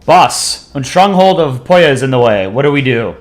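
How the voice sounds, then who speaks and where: A man's voice: medium pitch, lively intonation, moderate pace, close to an everyday voice. A man doing a dramatic countryball. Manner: dramatic mock-Italian phrasing. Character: eager Italian soldier countryball and boss, male. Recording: echoey room with faint music.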